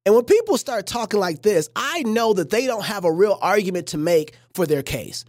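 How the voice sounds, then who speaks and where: Lively, joking woman streamer. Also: medium pitch, moderate pace, no room sound, clean studio sound. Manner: animated, joking, preachy asides. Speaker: livestream host. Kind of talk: casual reaction commentary.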